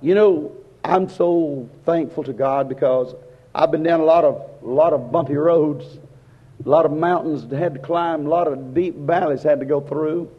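A male preacher delivering an impassioned, repetitive sermon that swings between hushed and loud. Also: a little high, normal speed, husky. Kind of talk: fervent sermon. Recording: lo-fi recording in a reverberant hall.

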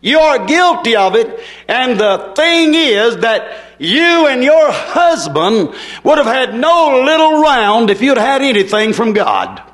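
A fiery male preacher with a notably high-pitched voice. His delivery is folksy and emphatic, dropping into quiet asides before pushing forceful declarations to the congregation. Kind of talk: fiery sermon.

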